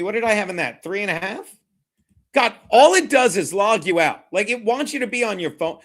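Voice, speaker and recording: Brash high-voiced man streaming football. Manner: brash, mocking, rambling, heavy swearing. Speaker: live stream host. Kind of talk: profane live sports watchalong commentary.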